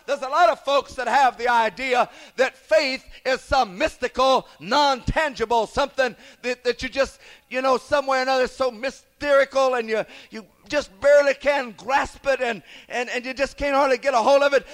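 A man preaching a revival sermon, emphatic, repeating "Praise God" and slowing down to stress scripture. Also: very high-pitched, expressive, a bit bright.

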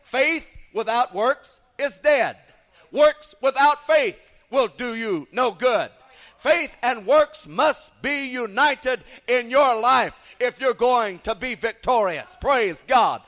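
A man preaching a revival sermon, emphatic, repeating "Praise God" and slowing down to stress scripture. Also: very high-pitched, expressive, fairly bright tone.

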